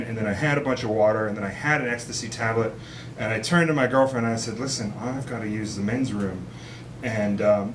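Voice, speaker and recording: A man telling a comic story on a small cabaret stage, rambling and animated with many fillers and asides. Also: mid-range voice, a little hiss or hum. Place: small cabaret stage before a live audience.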